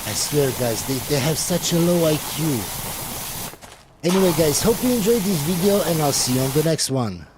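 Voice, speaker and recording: A man's voice: a little high, expressive, normal speed, noisy background. A man giving blunt, mocking reaction commentary to a video and addressing his viewers directly.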